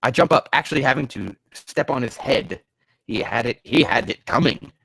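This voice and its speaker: A man reading bad fanfiction aloud for comedy, sarcastic and swearing, breaking off into loud bursts of disbelief. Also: mid-range voice, moderate pace, dry recording, low-quality recording. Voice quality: gravelly.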